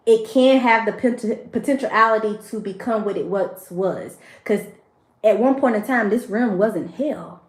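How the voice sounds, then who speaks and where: Woman w/ doing a spiritual tarot stream, gets emotional, talks right to her viewers, roomy echo. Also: fairly high pitch. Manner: emotional, preachy, speaks to viewers directly. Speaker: tarot reader.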